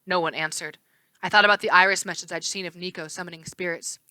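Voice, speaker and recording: A woman reading a novel aloud in first person, expressive, with the odd slip and restart. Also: lowish voice, fast, clear, resonant tone, no echo. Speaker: read-aloud narrator.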